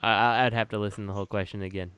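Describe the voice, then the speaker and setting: Smooth-voiced man, offhand podcast co-host. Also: on the low side, fairly even intonation, very fast, fairly bright tone, no echo. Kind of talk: casual group chat.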